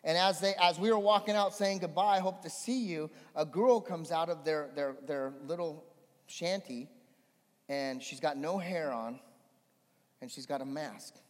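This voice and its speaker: A man preaching a sermon as a pastor, swinging between animated emphasis and hushed storytelling. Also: fairly high pitch, a little slow. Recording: long hall reverb.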